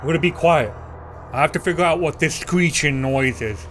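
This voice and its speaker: A man giving casual, excitable commentary while playing a game, gasping, yelping and talking to the enemies on screen. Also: on the high side, moderate pace, slight background noise. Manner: excitable, gasps and yelps, talks to game enemies. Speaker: let's play gamer.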